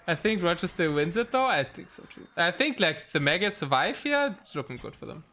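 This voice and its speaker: A man casting a live esports match, excitable and rambling with plenty of fillers. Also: fairly high pitch, normal speed. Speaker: game caster.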